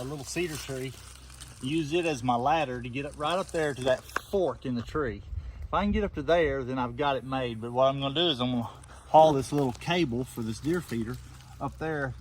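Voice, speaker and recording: A man's voice: mid-range voice, brisk, slight background noise. An older man, rambling and folksy, talking viewers through a job outdoors in the woods. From southern Oklahoma. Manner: folksy, rambling, repeats himself. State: out of breath. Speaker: vlogger. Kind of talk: casual outdoor how-to narration.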